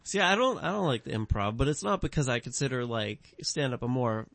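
A man who is a stand-up comedian, chatting on a podcast and making wry, deadpan jokes. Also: mid-range voice, a little fast, gravelly, no echo. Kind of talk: casual comedic chat.

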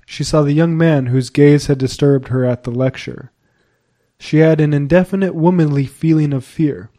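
Man, audiobook narrator, measured storytelling, warm dark tone. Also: a little high. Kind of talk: scripted narration of a period novel.

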